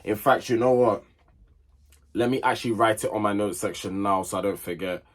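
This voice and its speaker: A man's voice: fairly low pitch, brisk. A young man telling a personal story in a chatty, digressive, slang-filled way. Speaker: vlogger. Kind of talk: casual storytime chat.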